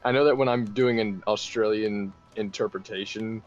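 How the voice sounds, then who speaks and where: A man's voice: lowish voice, steady tone, normal speed, lo-fi sound. A man chatting casually during a gaming stream, slightly nasal, swearing freely and full of "like" fillers. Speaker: streamer and co-host. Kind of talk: casual chat while gaming. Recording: faint game music behind.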